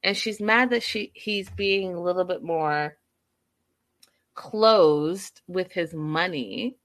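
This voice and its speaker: A woman's voice: fairly low pitch, slow pace. A woman giving blunt, casual commentary on a relationship, acting out quoted lines as she goes.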